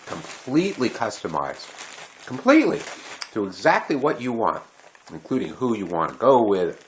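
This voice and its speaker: A man's voice: deep voice, a little hiss or hum, rough recording. A man rambling and thinking aloud in a casual home vlog. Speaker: vlogger.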